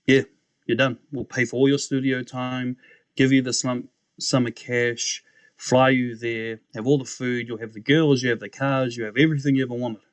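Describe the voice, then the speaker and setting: As a guest on a podcast, a young man recounts his story at a moderate pace in a regular mid-pitched voice. He mimics the people he quotes, laughs frequently, and keeps things casual and lively. The recording is close and dry, without echo.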